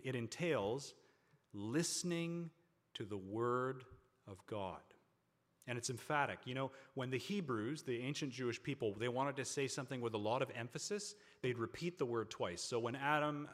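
A man preaching a sermon to a congregation, with emphatic, drawn-out stresses on key words. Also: mid-range voice, fairly bright tone. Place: large hall with a congregation. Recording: long hall reverb.

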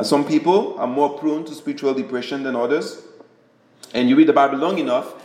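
A man's voice: medium pitch, a little mellow, echoey room, poor audio. A man giving a conversational sermon, often restarting and repeating words as he explains. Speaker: preacher.

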